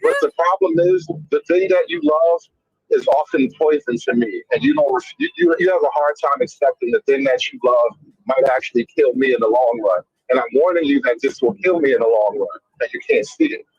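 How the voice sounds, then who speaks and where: Husky, lively man on a muffled mic. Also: mid-range voice, brisk, no room sound. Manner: animated, insistent, lectures the other side. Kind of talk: debate on a talk show.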